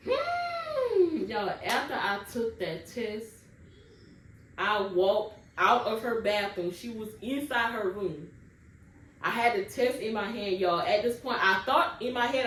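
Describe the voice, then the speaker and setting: A woman's voice: fairly high pitch, a bit bright. Young woman, casual storytime vlogger, talks right to her viewers, distant mic in an echoey room. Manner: chatty, keeps addressing viewers directly. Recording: roomy, distant mic, faint background noise.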